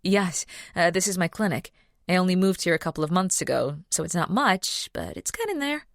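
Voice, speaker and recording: A woman's voice: on the low side, sing-song, fairly quick, vocal fry, no room sound, studio quality. A woman voicing a young female veterinarian who speaks in an eager, caring way. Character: young woman vet, eager, friendly and a little anxious.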